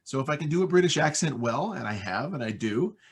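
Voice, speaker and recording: A man's voice: a little high, expressive, fairly quick, breathy edge. An American man talking casually and enthusiastically in an interview about his voice-over work, rambling with fillers. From United States. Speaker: voice-over artist guest.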